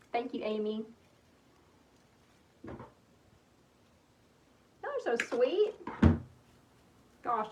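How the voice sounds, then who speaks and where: A woman in her thirties from East Texas with a Texan accent, chatting casually and thanking viewers by name while she crafts on a livestream. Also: a little high. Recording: echoey room, mic at a distance, faint hum.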